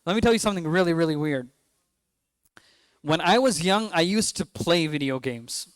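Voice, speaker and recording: A man's voice: on the high side, animated, moderate pace, smooth, no echo. A man in his twenties with a New York accent, giving a conversational mosque talk to parents, asking the crowd questions and joking now and then. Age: 20s. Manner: conversational, asks the audience questions, jokes.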